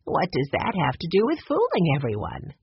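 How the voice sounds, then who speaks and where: A man's voice: fairly high pitch, wildly swooping pitch, normal speed, creaky, slightly rough, no room sound, muffled recording, exaggerated voice. A man voicing a kindly, puzzled aunt in an audiobook. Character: older woman, a kind aunt, puzzled.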